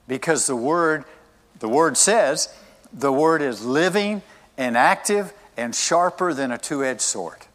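A man's voice: fairly high pitch, lively intonation, slow pace, a bit bright, big-room sound. A male pastor preaching a sermon in a church service, emphatic and repeating his key phrases.

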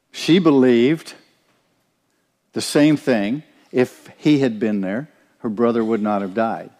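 A man's voice: medium pitch, a little mellow, big-room sound. A man preaching a sermon, earnest and direct, often turning to ask the listeners questions. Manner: earnest, asks the congregation questions.

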